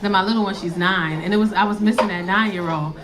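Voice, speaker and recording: A woman's voice: medium pitch, fast, a crowd in the background. A woman in her forties telling stand-up stories in a brash, crude way, often laughing at her own jokes. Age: 40s. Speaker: stand-up comedian. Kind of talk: stand-up comedy storytelling.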